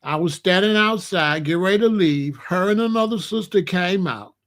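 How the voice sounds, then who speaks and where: High-voiced man telling street stories. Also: moderate pace. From Chicago. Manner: animated, slangy street-talk storytelling. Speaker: commentary host. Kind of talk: opinionated storytelling monologue.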